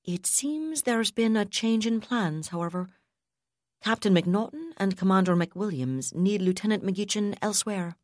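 A woman voicing a calm, composed female officer who speaks in a measured, slightly wry way. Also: medium pitch, no echo, clean studio sound, pitched above the performer's own voice, lightly acted.

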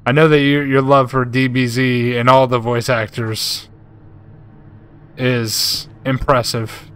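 A man's voice: medium pitch, flat delivery, takes it slowly, fairly bright tone, clear, resonant tone. A young man streaming a game, chatting casually with his viewers and reading their messages aloud. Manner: laid-back, chatty, says "bro" a lot. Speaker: gaming streamer. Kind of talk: live gameplay commentary reading chat.

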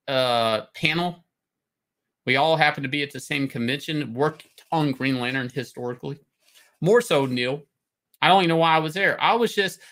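A middle-aged man, a comic artist hosting his own show, ranting loudly and swearing as he jumps from topic to topic. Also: fairly high pitch. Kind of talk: profane livestream rant.

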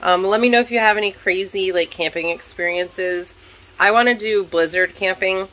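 A woman with a scratchy, hoarse voice chatting casually in a vlog, telling a story in an animated way while cooking at home. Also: mid-range voice, moderate pace. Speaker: vlogger, stay-at-home mom.

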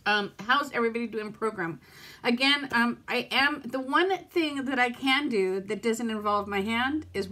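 A woman's voice: medium pitch, bright, forceful tone. A woman vlogging from her home in rambling casual chat to camera, frustrated and close to tears. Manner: frustrated, rambling, self-talk.

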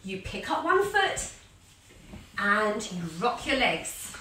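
A woman's voice: medium pitch, very animated, takes it slowly, sharp tone, distant mic, a little hiss or hum. A woman teaching a children's yoga class, telling a story as she guides the poses, playful and sing-song with animal sounds. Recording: echoey room, voice a little off-mic.

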